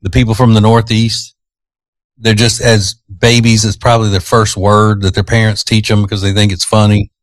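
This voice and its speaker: A male radio host, low-pitched and easygoing as he rambles through his opinions and teases his co-host. He talks into a close studio mic in a dry, dead room. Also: flat delivery, normal speed, dry recording. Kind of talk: casual morning-show chat. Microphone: studio microphone.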